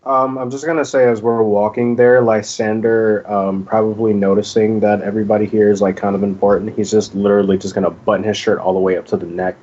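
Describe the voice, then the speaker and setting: A man describes his character's moves in a tabletop game, his voice on the low side. He rambles loosely with many fillers. The recording sounds dull and lo-fi. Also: little pitch movement, quick pace, few pauses, darkish tone. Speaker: player. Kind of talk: casual chat at a game table.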